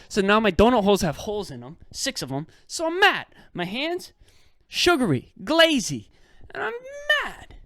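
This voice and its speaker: A man's voice: on the high side, a bit bright, no room sound. A young man hosting a podcast, telling a rambling, exasperated story in casual slang. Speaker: podcast host. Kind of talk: casual comedic rant.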